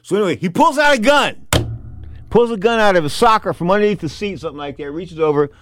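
A middle-aged man telling a casual anecdote, animated and rambling, full of repeats and fillers. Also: sits high, fast, music in the background. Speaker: storyteller.

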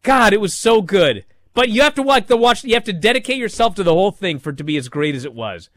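A man hosting a casual talk show, telling a story with big swings from hushed to shouting. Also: high-pitched, very animated, fast talker, dry recording. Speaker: wrestling podcast host.

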